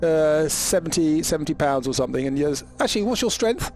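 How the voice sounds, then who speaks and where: A man narrating as game master, often halting with restarts and ums. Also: fairly high pitch, animated.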